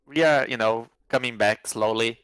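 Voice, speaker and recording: A man's voice: medium pitch, normal speed, fairly bright tone, clear, resonant tone, no echo, poor audio. A man whose first language is Portuguese, a guest in a casual live interview, speaking modest, hesitant English. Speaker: interview guest, asset developer.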